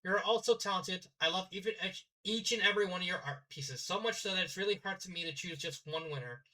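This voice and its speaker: Guy reading as a sweet little princess, kind and encouraging, bit higher. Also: quick pace, low-quality recording. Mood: gracious. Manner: warm, encouraging. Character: sweet gentle young princess girl. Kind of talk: fanfiction reading.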